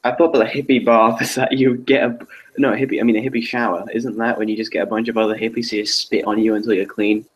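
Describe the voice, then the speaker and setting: Sarcastic low-voiced man chatting. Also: little pitch movement, fast talker, dull audio. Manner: sarcastic, dry humor. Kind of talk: casual chat.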